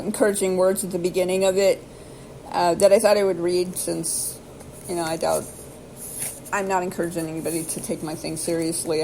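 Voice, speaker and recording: A woman with a slightly low voice reads passages aloud in a casual, unpolished way. She wanders off into hesitant asides, stopping and restarting her sentences as she thinks out loud. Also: slight background noise, poor audio. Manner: rambling, hesitant, self-correcting. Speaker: video host reading aloud.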